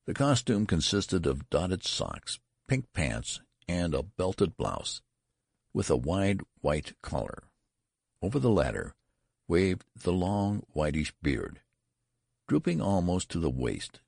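Very deep, gravelly male narrator. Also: sing-song, slow, a little mellow, dry recording, clean studio sound. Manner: acts out the dialogue. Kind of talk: audiobook narration.

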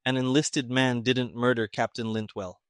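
A man voicing a sarcastic, irritated older army colonel who talks gruffly and emphatically. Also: mid-range voice, fairly even intonation, moderate pace, dry recording, studio quality, lightly acted.

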